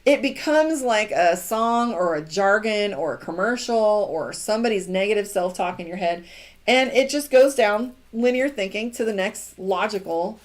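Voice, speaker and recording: A woman's voice: medium pitch, expressive, normal speed. A middle-aged woman giving a casual live tarot reading, chatty and encouraging. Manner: chatty and encouraging, acts out quoted lines. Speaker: tarot reader.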